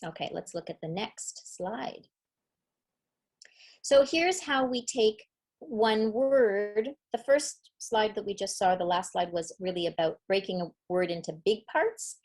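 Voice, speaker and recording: A woman presents a webinar on early reading, taking a patient teaching tone. She walks through each skill step by step and slows down to sound out example words and syllables. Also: mid-range voice, darkish tone. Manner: explanatory, demonstrates word sounds slowly. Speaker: literacy educator. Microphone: webinar computer mic.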